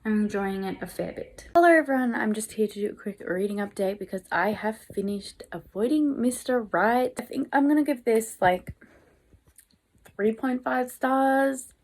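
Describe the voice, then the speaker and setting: A woman's voice: fairly high pitch, moderate pace, a little mellow. A young woman from Tasmania with an Australian accent, chatting casually about books in a vlog, full of fillers like "like" and "you know". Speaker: book vlogger. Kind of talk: casual reading vlog chat.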